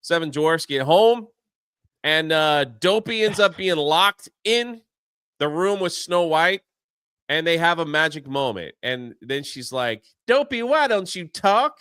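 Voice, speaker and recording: A man hosting a casual talk show, recapping a film in an animated way and briefly putting on voices for its characters. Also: on the high side, clear, resonant tone, no echo, studio quality. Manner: animated retelling, acting out characters' lines in quick put-on voices. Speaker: show host. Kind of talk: casual movie recap chat.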